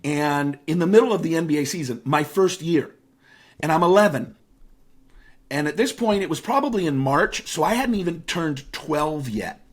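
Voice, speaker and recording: Fifties male guest, lively storyteller, casual and conversational, sprinkles fillers. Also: a little high, normal speed, breathy edge. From Seattle area, United States. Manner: animated, anecdotal, frequent fillers. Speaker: guest, speaker and author.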